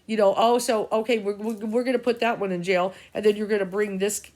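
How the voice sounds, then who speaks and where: A woman's voice: medium pitch, fairly even intonation, fairly quick, darkish tone. Middle-aged woman ranting. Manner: agitated, profane, stream-of-consciousness. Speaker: intuitive reader. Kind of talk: rambling spiritual vlog rant.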